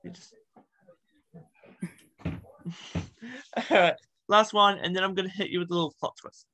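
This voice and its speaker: A woman hosting a casual game-style interview, bubbly and teasing and quick to giggle. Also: fairly low pitch, steady tone, bright, forceful tone. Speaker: interview host.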